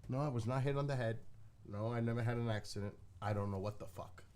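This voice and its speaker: A man's voice: medium pitch, fast talker, darkish tone. A man hosting a live stream from his living room, telling a rambling story in a blunt, casual way and swearing freely. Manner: profane, blunt, talking to chat.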